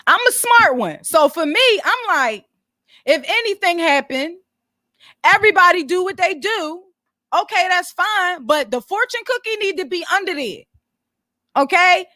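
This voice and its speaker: A woman's voice: very high-pitched, expressive, unhurried, bright, forceful tone, no room sound, studio quality. A woman hosting a casual commentary vlog, blunt and profane as she walks her viewers through business details. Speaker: commentary channel host.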